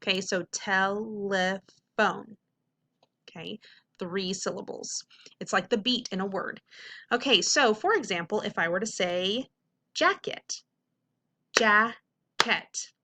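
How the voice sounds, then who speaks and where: A woman reading teacher giving an upbeat video lesson to middle schoolers, often checking in with "okay?" and slowing down to sound out words. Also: medium pitch, sharp tone. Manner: slows to sound out words carefully.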